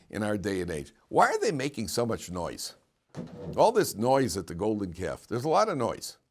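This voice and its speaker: Animated lecturing rabbi, lively pitch. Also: male voice. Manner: animated, rhetorical questions, frequent restarts. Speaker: rabbi teaching a yeshiva class. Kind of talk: informal Torah class lecture. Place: yeshiva classroom.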